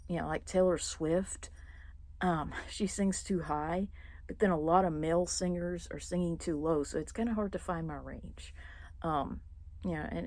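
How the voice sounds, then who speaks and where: A young woman vlogging casually, rambling with many fillers and restarts and clearing her throat now and then. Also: low-pitched, a little mellow, no room sound. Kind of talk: casual personal monologue.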